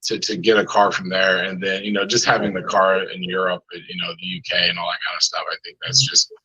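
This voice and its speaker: A man's voice: sits low, little pitch movement, fast talker, pushed and bright, slightly rough, poor audio. An American man hosting a podcast, chatting casually and rambling with lots of filler phrases. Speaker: podcast host. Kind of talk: casual chat.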